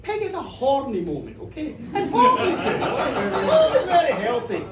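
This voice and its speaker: A woman storyteller at a live pub show, chatty and lively, often checking in with her listeners. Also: high voice, moderate pace, a loud crowd, heavy background noise. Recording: roomy pub from far off.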